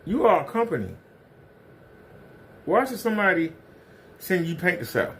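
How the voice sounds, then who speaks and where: A man's voice: sits high, sing-song, moderate pace, slight background noise. Confrontational ranting man. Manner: confrontational, repeats pointed questions, profane. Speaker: livestream commentator. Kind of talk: ranting livestream commentary.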